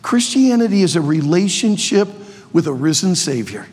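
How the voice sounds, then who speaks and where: Sixties male preacher, high husky voice, playful and shouty, long hall reverb. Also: very animated, normal speed. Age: 60s. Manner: playful, joking, bursts into shouts. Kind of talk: energetic youth sermon.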